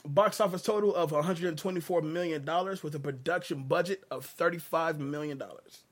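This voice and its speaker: A man hosting a casual movie podcast, laid-back and quick to laugh, with some swearing. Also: a little high, a bit bright. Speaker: podcast host.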